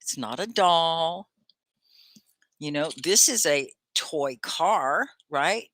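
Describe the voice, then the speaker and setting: A woman teaching a live online English class, hosting in a lively way, articulating her words clearly and often laughing. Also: low-pitched, slow, a little hiss or hum.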